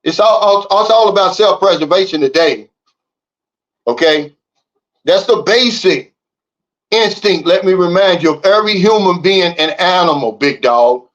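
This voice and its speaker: Heated guy ranting at his chat, high-ish voice, kinda muffled audio. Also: animated, moderate pace, fairly bright tone. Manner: fired-up, blunt, repeats "Big Dog" and "okay?". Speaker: livestream host reading chat. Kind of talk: casual livestream talk. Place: living in the Philippines.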